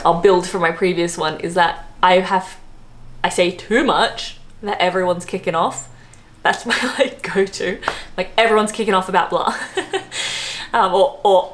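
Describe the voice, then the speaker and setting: Aussie girl vlogging, chatty and giggly, goes off on little tangents. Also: medium pitch. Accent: Australian. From Australia. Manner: chatty, laughs often, trails off into asides. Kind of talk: casual chat to camera.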